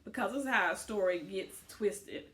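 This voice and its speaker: A woman co-hosting a casual TV recap, animated and acting out what others said. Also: normal speed. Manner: animated, acts out quotes in high voices. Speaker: podcast co-host.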